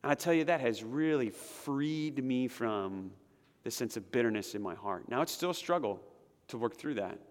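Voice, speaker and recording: A man preaching a sermon as pastor, building to loud, emphatic peaks and dropping to hushed prayer. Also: medium pitch, animated, moderate pace, long reverb tail. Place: church sanctuary.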